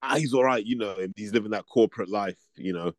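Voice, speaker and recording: A man in casual chat, calm and reasoning, calling people mate. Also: fairly low pitch, fast talker, no echo.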